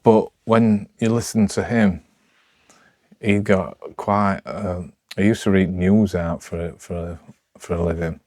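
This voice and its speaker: A man with a Sheffield accent talking unscripted to camera, rambling and halting with lots of restarts, in a rough, broad way of speaking. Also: low voice, steady tone, darkish tone, dry recording. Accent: Sheffield, Yorkshire. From Sheffield, England. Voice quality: rough, broad local speech. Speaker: vlogger.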